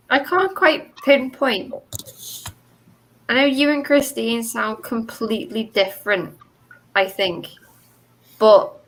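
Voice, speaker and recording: A woman's voice: on the high side, fairly bright tone, rough recording. A woman from the north west of England with a Scouse accent, chatting easily as a co-host. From Skelmersdale, England. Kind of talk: casual chat on a livestream.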